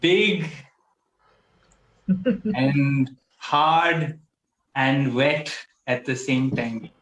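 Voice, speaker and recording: A man playing a silly robot-like alien probe on Earth in a live improv scene, beeping and booping between halting sentences. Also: medium pitch, a bit bright, roomy sound, low-quality recording.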